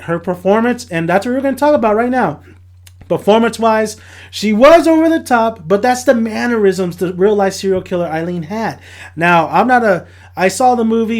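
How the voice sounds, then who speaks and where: Young guy w a pretty high voice rambling through a tv episode review, keeps correcting himself. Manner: chatty, rambling, self-correcting. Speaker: TV review vlogger. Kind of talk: casual spoken review.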